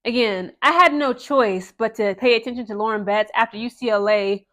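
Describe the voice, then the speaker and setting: A young woman talking casually to her viewers about women's basketball, chatty and animated, often tossing in "okay?" and "guys" asides. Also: fairly high pitch, brisk. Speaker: sports commentary vlogger. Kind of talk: casual vlog commentary.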